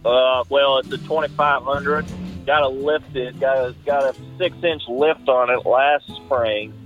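A cocky caller who loves his big truck, played by a man in a comedy sketch. He talks in a laid-back, put-on drawl at a middling pitch. Faint music runs underneath. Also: fairly even intonation, a little slow, highs cut off, natural voice. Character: brash Texan truck-loving man, a caller.

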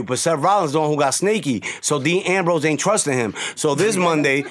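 A man, telling profane stories loudly on a podcast and laughing often. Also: fairly high pitch, fairly quick. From New York. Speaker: podcast host. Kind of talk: casual chat.

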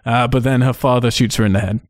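A man chatting on a podcast, cheerfully recapping a film plot. He swears freely and laughs at it. His voice is dry and close, at a middling pitch. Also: fairly even intonation, fast, dry recording. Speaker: podcast host. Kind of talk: casual film review chat.

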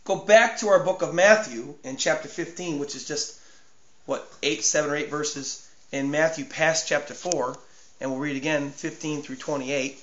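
A man preaching a sermon with passion. He drops to a hush, then builds to a shout, and repeats words for emphasis. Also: a little high, normal speed. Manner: impassioned, swinging from hushed to shouting. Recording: echoey room, dull lo-fi sound.

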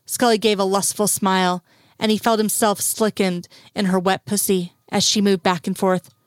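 A woman reads a story aloud at a measured, even pace. Her voice sits at a middle pitch. The recording is dry and close. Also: no echo. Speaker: narrator.

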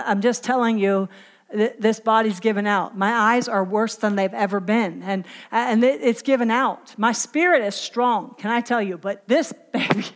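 A middle-aged woman preaching a sermon in an emphatic, conversational way, asking her listeners to fill in the words. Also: on the high side.

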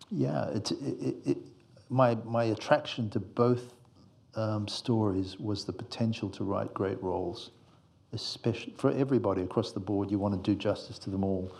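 A man's voice: on the low side, creaky, darkish tone. A male screenwriter giving reflective, meandering interview answers, fond of analogies.

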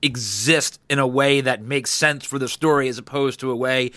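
A man's voice: mid-range voice, steady tone, normal speed, pushed and bright, dry recording. A man co-hosting a podcast, chatty and filler-heavy as he builds his points about movies. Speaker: podcast co-host. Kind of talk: casual movie discussion.

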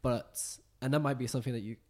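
A man of middle pitch explains things at length in a casual chat. He stops and starts often, filling the gaps with uh and like. The tone is informal and conversational. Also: steady tone, fast, darkish tone. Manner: explains with hesitant fillers and restarts. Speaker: podcast co-host.

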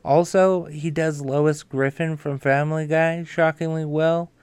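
A man's voice: on the high side, steady tone, a little slow, a little mellow, clear, resonant tone, no room sound. A man hosting a podcast, reading news and riffing in a profane, rambling, self-mocking way. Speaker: podcast host. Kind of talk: casual news commentary.

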